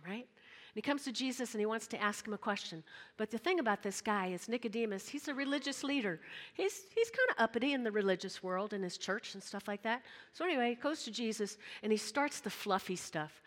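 A woman's voice: medium pitch, animated, fairly quick, fairly bright tone. Woman preaching in a reverberant hall. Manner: conversational, calls on the audience to respond. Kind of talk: sermon.

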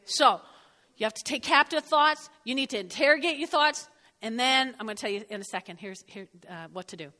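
Woman pastor preaching, high bright voice, joking and punchy, big echoey church hall. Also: fairly quick. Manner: lively, joking, emphatic preaching. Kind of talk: sermon. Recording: long hall reverb.

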